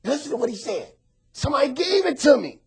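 Male pastor, preaching voice pitched high, big swings, shouts to the pews. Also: fast, gravelly. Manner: animated preaching, often bursts into shouts and calls out to the congregation. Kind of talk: sermon.

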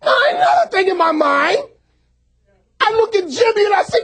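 High, wildly swooping shouting preacher man. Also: normal speed, creaky. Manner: animated preaching, often bursts into shouts and calls out to the congregation. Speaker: pastor. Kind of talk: sermon.

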